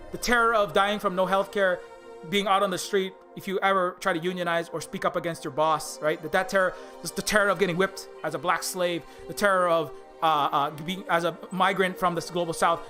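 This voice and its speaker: A man streams live with a high, sharp-edged voice. He rants with passion and rambles, stacking fillers and restarts. Faint music plays behind him. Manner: slips into mocking impressions of others. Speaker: indie game developer streaming live. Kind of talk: impassioned political rant on a live stream.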